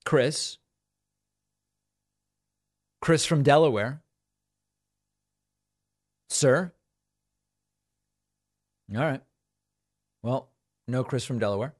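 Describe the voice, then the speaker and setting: A male talk show host fielding calls in an easygoing, chatty way. His voice sits at an ordinary middle pitch, and he laughs easily between points. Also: animated, extremely slow, pauses often. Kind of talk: casual call-in chat.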